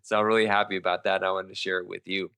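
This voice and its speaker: Male podcast host, very low voice, quick and rambling, sore throat, close dry mic. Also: little pitch movement, pushed and bright, clean tone, no room sound. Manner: fast-talking with many restarts and fillers. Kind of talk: casual monologue on legal updates.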